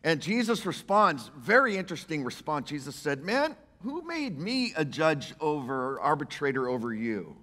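A male pastor, preaching a sermon in an emphatic, animated way and voicing the quotes he reads. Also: on the high side, normal speed, few pauses. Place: church sanctuary. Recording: church hall reverb.

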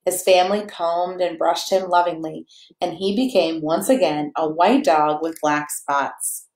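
A woman reading a picture book aloud to children in a playful, animated way, chatting to them and to her dog between pages. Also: fairly low pitch, measured pace. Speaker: children's story reader. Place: church or home room, echoey. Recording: echoey room.

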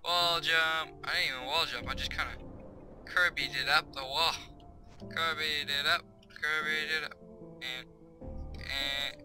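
Excitable young man narrating a game. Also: a little high, unhurried, pauses often, faint music behind, low-quality recording. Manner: chatty, excitable, reads on-screen tips aloud. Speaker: gaming YouTuber. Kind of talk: casual let's-play commentary. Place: home bedroom.

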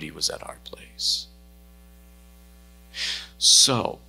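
A man's voice: low voice, creaky, bright, forceful tone, husky. A male pastor preaching a sermon and telling a story, acting out the lines of each person in it. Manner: storytelling preacher who acts out dialogue. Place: church sanctuary.

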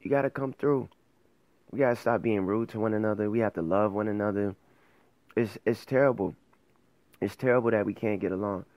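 A man's voice: fairly low pitch, dry recording. A man hosting his own faith show, talking casually and earnestly to camera, rambling and correcting himself as he goes. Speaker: host of an online faith show.

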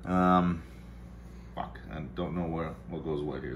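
Male vlogger, deep, punchy delivery; loose, swearing, muttering asides; faint background noise. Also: steady tone, a little slow. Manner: rambling, profane, mutters to himself. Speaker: vlog host. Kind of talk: casual chat while making coffee. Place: home kitchen-dining room.

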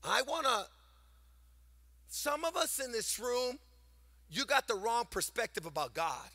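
An older man preaching a sermon to a congregation, animated and sing-song, swinging between loud emphasis and quiet storytelling. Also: very high voice, a little slow, no echo. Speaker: pastor. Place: church sanctuary before a congregation.

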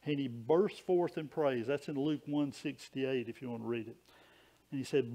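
A man's voice: mid-range voice, normal speed, mellow. A man preaching a sermon in a folksy, conversational way, with small stories and frequent restarts.

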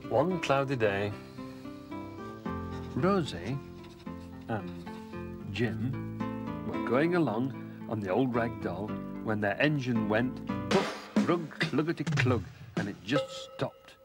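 A man's voice: mid-range voice, expressive, slow, long pauses, over loud music. A man narrating a children's story in a playful way, savouring the sound words.

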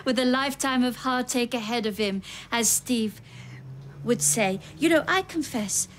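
A woman's voice: on the high side, unhurried, lightly acted. An actress playing a prim, wordy older woman who talks in formal phrases. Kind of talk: TV soap drama acting.

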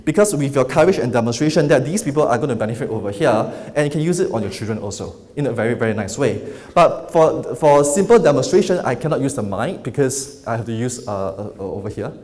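A man giving a live lecture, guiding volunteers through hypnosis with slow, soothing suggestions between upbeat stage remarks. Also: medium pitch, animated, darkish tone. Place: large lecture hall with audience. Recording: echoey hall, faint noise.

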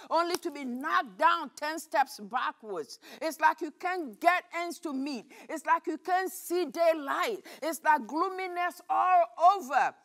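A woman pastor preaching a midweek sermon, telling a Bible story with animated rhetorical questions. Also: very high-pitched.

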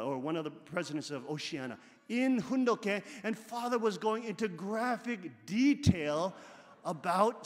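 A man with a fairly high voice delivers a sermon-style talk. He repeats words and phrases and swells into emphatic bursts. The sound carries a long reverb, as if he is in a large hall. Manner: repetitive, rising to emphatic bursts. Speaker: religious teacher.

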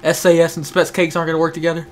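A man's voice: on the high side, monotone, very fast, soft background music. A young man hosting casual gameplay commentary, joking, swearing and laughing often. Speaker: gaming channel host.

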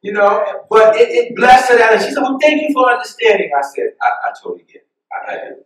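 A man preaching a sermon as pastor, telling personal stories in an animated way, often laughing at them. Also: high-pitched, fast talker. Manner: animated, laughs at his own stories, acts out voices. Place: church sanctuary. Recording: very echoey church room, mic far off.

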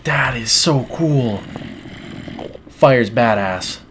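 A man with a scratchy voice giving excitable let's play commentary, swearing often and bursting into exclamations. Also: medium pitch, very slow. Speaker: gamer commentator.

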